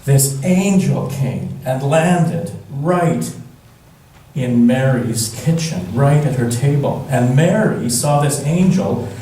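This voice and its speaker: A man telling a Bible story to children in church, gentle and musing. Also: medium pitch, lively intonation, slow, slight background noise. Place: church sanctuary. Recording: echoey church hall from far off.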